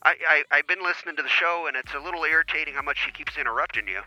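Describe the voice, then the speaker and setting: A man's voice: fairly high pitch, very fast, sharp tone, soft background music, low-quality recording. A man calling in as a regular to a casual podcast, joking and self-mocking. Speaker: regular caller.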